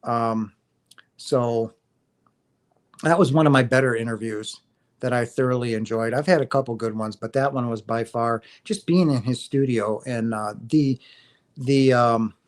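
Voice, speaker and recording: A middle-aged man hosting a livestream, talking casually and earnestly about spiritual experiences in a rambling, affectionate way. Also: mid-range voice. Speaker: livestream host.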